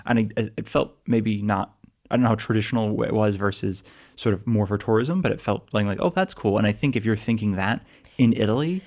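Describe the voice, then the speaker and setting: A man's voice: lowish voice, brisk, a little mellow. A man co-hosting a casual travel podcast, chatty and jokey, often trailing off mid-sentence. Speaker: podcast co-host. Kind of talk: casual chat.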